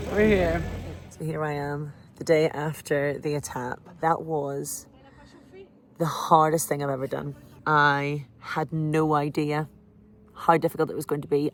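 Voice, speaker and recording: Low-voiced Irish woman, candid and emotional. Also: noisy background. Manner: emotional, candid, breaks into laughter. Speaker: vlogger recounting a cycling challenge. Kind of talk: candid personal vlog.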